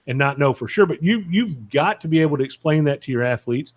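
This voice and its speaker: A man's voice: a little high, lively intonation, brisk, dry recording. A man co-hosting a sports medicine podcast, giving frank, emphatic opinions in casual panel talk.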